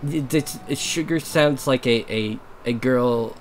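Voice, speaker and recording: A man co-hosting a let's play, chatting casually and teasing his co-host in a low-key, joking way. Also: slow pace, very noisy.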